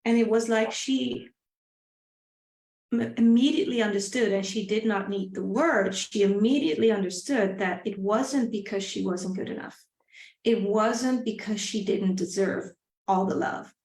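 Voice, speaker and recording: A middle-aged woman speaking earnestly and reflectively, in a voice of ordinary pitch for a woman. She circles back over her phrases and sometimes sinks to a soft, quiet tone. The room around her rings with echo. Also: unhurried. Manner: drops to a soft, quiet voice at times. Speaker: live stream host. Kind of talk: personal storytelling on a live stream. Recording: roomy echo.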